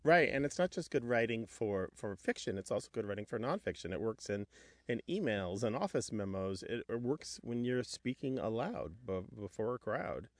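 A man's voice: on the low side, big pitch swings, moderate pace, no echo. A man co-hosting a radio talk show, explaining language points in a lecturing way. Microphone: studio microphone.

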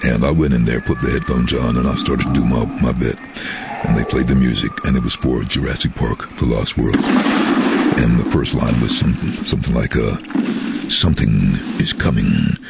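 A man telling relaxed, chatty anecdotes in an interview as a guest voice-over artist. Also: very deep voice, a little fast, very noisy.

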